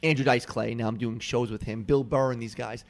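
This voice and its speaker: A man's voice: mid-range voice, fairly even intonation, a little fast. Guy hosting a podcast, eager and chatty, lots of questions. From Long Island. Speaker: podcast host. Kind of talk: casual interview.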